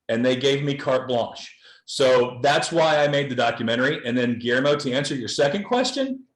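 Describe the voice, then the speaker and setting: A filmmaker from Los Angeles, a man, speaking bluntly and earnestly in a candid panel discussion, often repeating words as he goes. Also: medium pitch. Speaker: documentary filmmaker guest. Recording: roomy echo.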